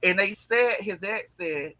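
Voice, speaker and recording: A man's voice: sits high, slow pace, sharp tone. A man co-hosting a casual chat, sassy and dramatic, calling people girl and honey.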